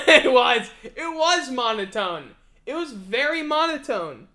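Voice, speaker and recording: Man, live stream host, casual rambling chat, sweary, tired and yawny, very animated pitch. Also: slow pace. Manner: rambling, swears freely, self-deprecating. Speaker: livestream host.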